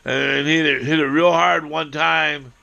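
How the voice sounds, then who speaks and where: A man telling a rambling, profane personal story, acting out quotes and breaking into shouting. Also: fairly high pitch, steady tone, measured pace, vocal fry, lo-fi sound.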